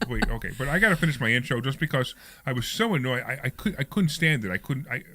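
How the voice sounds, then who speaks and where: Radio host, male, animated and fast, bright tone, jokey studio banter. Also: mid-range voice, very noisy. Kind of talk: lively radio talk show banter. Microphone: studio microphone.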